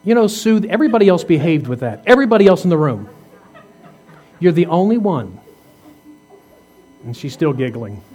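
A man's voice: fairly high pitch, very animated, moderate pace, pauses often, darkish tone. A man in his fifties, a pastor preaching a sermon in a conversational way, asking rhetorical questions and teasing the congregation. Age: 50s. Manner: jokes and teases the congregation.

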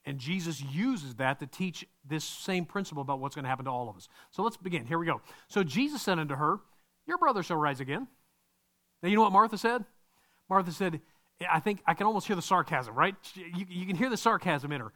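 Male pastor, fairly high voice, lively preaching delivery that acts out the story's characters. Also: normal speed. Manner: animated, acts out quoted voices, asks the congregation questions. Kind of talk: sermon.

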